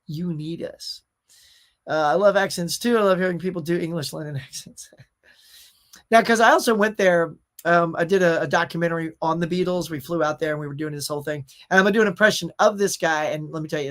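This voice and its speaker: Animated man hosting a casual stream. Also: high voice. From Louisiana. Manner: animated, jokey, reads viewer comments. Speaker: host. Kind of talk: casual live-stream chat.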